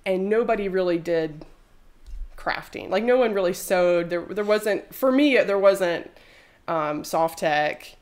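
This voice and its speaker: A woman's voice: on the low side, lively intonation, unhurried, a little mellow. A woman in her thirties, a textile artist, chatting casually in an interview and rambling with lots of fillers.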